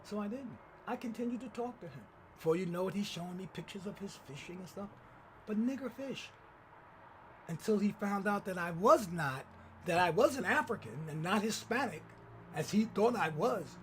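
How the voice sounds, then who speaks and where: A man hosting his own channel, telling a personal story in lively commentary and acting out the people he quotes. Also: high voice, a little hiss or hum. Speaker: channel host.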